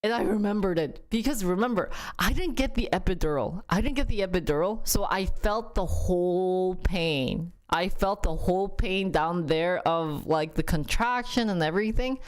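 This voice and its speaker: A young woman streamer chatting casually with viewers, telling a story in an animated way and acting out quotes with sudden jumps in pitch. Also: normal speed, few pauses.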